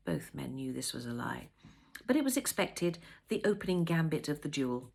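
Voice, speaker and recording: Expressive woman reading a novel aloud. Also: sits low, gravelly, breathy edge. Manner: expressive, measured storytelling. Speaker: author reading her own novel.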